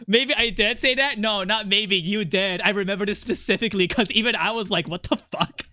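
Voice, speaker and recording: Bright, dry-voiced joking streamer. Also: medium pitch, fairly quick, no echo. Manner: rambling and joking, swears a lot, laughs often. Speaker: art streamer chatting with viewers. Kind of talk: casual live-stream chat.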